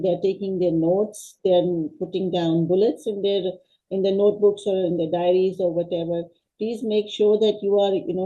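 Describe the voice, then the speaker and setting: Mellow-voiced woman host, slightly muffled. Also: medium pitch. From Pakistan. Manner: polite, formal questions, addresses the guest as ma'am. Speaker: interview host. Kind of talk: informal interview.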